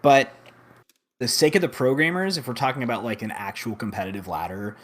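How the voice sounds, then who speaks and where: A man's voice: medium pitch, fairly quick. A man co-hosting a gaming podcast, talking in a rambling, jokey, self-mocking way. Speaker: podcast co-host. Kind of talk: casual gaming chat.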